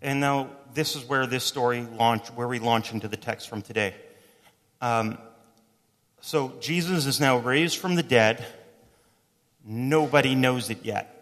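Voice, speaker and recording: A pastor delivers a sermon in a casual, conversational way, animated as he retells stories and slips in quick voiced quotes. His voice sits at an ordinary middle pitch. A long reverb suggests a church hall.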